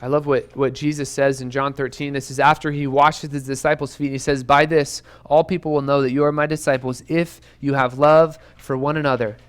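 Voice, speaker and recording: A man's voice: mid-range voice, little pitch movement, a little fast, few pauses, clean tone. A young adult man preaching to students, earnest and urgent, who keeps repeating rhetorical questions. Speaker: youth pastor. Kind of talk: sermon to students. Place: church youth room.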